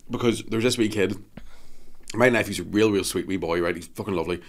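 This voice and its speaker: A Scottish man guesting on a casual podcast, spinning a sweary, rambling story. His voice sits on the low side. He talks at a quick clip.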